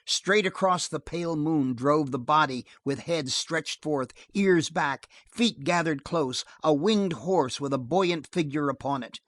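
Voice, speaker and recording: A man reading a western novel aloud as an audiobook narrator, steady and measured. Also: on the high side, dry recording.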